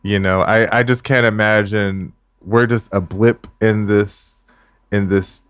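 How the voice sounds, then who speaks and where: A man co-hosting a podcast, soft-spoken and reflective, with hesitant fillers. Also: fairly low pitch, steady tone, measured pace, clear, resonant tone, no echo. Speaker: podcast co-host. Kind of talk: casual podcast chat.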